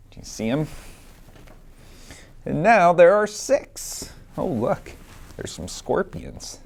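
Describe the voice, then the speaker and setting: A man reading a children's picture book aloud, gently pausing to ask the listener questions about the pictures. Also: mid-range voice. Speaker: storybook reader.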